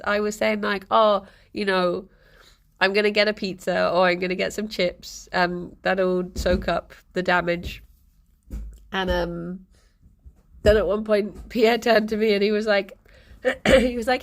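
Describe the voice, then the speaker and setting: A young woman chatting slowly and casually to her stream, giggling often. Her voice is husky and gravelly with fry after a late night out. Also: mid-range voice. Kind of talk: casual chat with chat.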